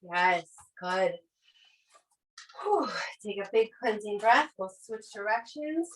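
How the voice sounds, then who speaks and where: A woman's voice: mid-range voice, expressive, takes it slowly, distant mic, low-quality recording. Breathless woman coaching a workout. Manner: encouraging, upbeat cues. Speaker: fitness instructor.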